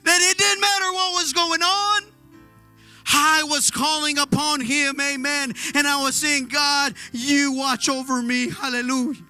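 A man's voice: extremely high pitch, flat delivery, measured pace, pushed and bright, faint music behind. A man preaching a sermon with fervent exhortation, punctuating his lines with hallelujah and amen.

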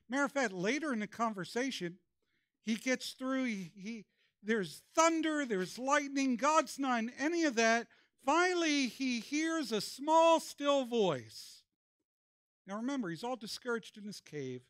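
A man's voice: extremely high pitch, expressive, a little slow, fairly bright tone, dry recording, studio quality. A man, a pastor, preaching a sermon and calling on the congregation to answer back. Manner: preaching with call-and-response prompts. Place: church.

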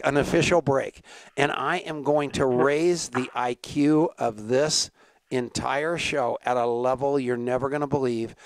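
A man's voice: medium pitch, dry recording. A man hosting a talk show, joking, laughing often and telling stories in casual banter. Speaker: show host.

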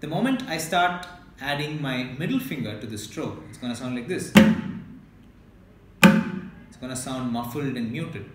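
A man teaching beginner drum strokes in a slow, patient way, counting beats aloud and demonstrating. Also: medium pitch, animated. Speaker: mridangam teacher. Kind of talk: instructional lesson. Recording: very echoey room, mic at a distance, loud noise.

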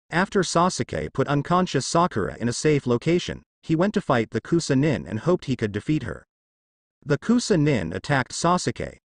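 Brief: male fanfiction narrator, animated pitch, dry close sound. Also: dry recording. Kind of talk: fanfiction reading.

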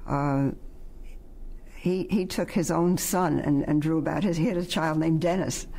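A man's voice: a little high, fairly even intonation, a little slow, mellow. A man in a documentary interview, explaining in a reflective way why comics matter to readers.

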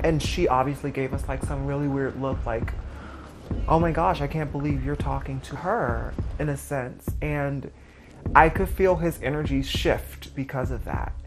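A woman in an interview telling a candid personal story, speaking plainly with lots of filler words. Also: low-pitched. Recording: music bed underneath.

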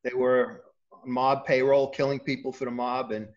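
A man's voice: medium pitch, level tone, normal speed, highs cut off. A man talking as a guest author in a casual interview, hesitating often with ums.

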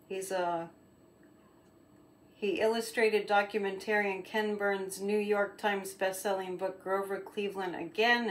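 A chatty, giggly woman from Gloucester, Massachusetts, USA reads a picture book aloud for her video audience, her voice medium in pitch with slight background noise. She makes casual asides about the illustrations and lingers on words while showing the pictures.

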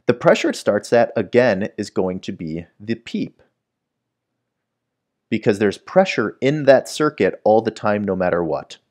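A man's voice: lowish voice, sing-song, a little slow, a little mellow. A man teaching a medical whiteboard lesson, explaining step by step and often checking in with the listener. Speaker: medical educator. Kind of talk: whiteboard lecture.

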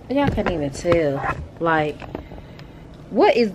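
A woman's voice: lowish voice, sing-song, unhurried, pauses often, heavy background noise. A woman vlogging in a casual, chatty way, speaking straight to her viewers with lots of slang and energy as she goes about her errands and then talks from home. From Texas.

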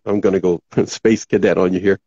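A man's voice: deep voice, steady tone, normal speed, warm tone, slightly rough, no echo, highs cut off. Man hosting a talk show, tiring voice. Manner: rambling, reads viewer comments aloud, voice tiring. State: voice going hoarse. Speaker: podcast host. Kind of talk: casual talk show chat.

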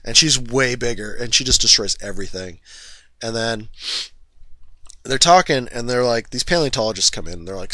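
A man's voice: mid-range voice, expressive, moderate pace, sharp tone, no echo. A man casually retelling a movie's plot, rambling and correcting himself, full of fillers. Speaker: film reviewer.

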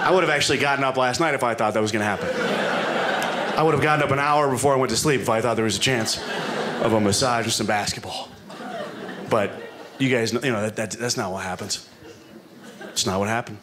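A man's voice: medium pitch, fast, pauses often. A man doing a stand-up comedy set on a club stage, rambling and self-deprecating, with asides to the live audience. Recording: live club recording with room noise.

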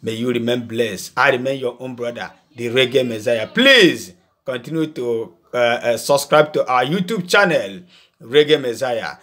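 A man's voice: medium pitch, expressive, a bit bright. Man preaching with emphatic repeats. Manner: emphatic, repeats words in bursts, pauses with "uh". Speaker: preacher and channel host. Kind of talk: informal video sermon.

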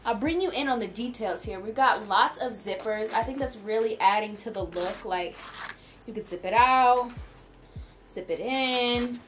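In a fairly high, fairly bright voice at a measured pace, a bubbly young woman gushes about her clothing haul to viewers. Slight background noise and underlying music are present, and she sounds a bit far from the mic.

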